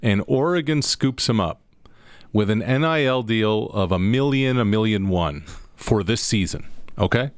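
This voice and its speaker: Low-voiced man telling sports stories. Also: moderate pace, smooth, no room sound. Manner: storytelling, animated when making a point. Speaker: sports broadcaster co-host. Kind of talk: casual sports radio talk. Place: radio studio.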